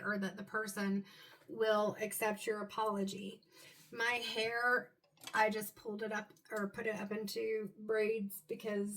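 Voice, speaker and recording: Woman giving a bright, musing tarot reading. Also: medium pitch. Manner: musing, loose, with frequent "um" and "like". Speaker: tarot card reader. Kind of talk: intuitive tarot reading addressed to viewers.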